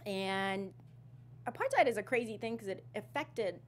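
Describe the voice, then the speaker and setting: A woman in her thirties from South Africa, a guest in an interview, talking in a casual, animated way and laughing often, with a slight South African twang in her speech. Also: medium pitch, moderate pace, a little hiss or hum. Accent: Canadian English with a slight South African twang. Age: 30s. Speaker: actress guest.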